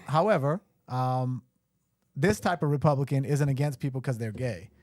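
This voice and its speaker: A man's voice: medium pitch, moderate pace, a little mellow, no room sound, clean studio sound. A man running for mayor, talking bluntly and emphatically on a live show. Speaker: mayoral candidate guest.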